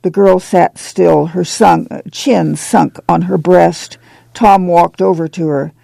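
A man with a gravelly voice reading a novel aloud as an audiobook narrator. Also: high voice, fairly even intonation, takes it slowly, warm tone, no room sound. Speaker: audiobook reader. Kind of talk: scripted narration with character voices.

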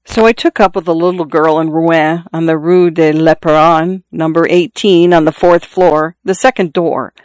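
A reader plays a dying father in his forties, pained and breathless. He presses his point over and over, insistent and confiding. The voice stays smooth and dry, close to the mic. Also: medium pitch, fairly even intonation, moderate pace, hardly any pauses, no echo, close to an everyday voice. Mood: earnest. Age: 40s. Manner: earnest, insistent, repeats himself. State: in pain, out of breath. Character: dying middle-aged father, urgent and confiding.

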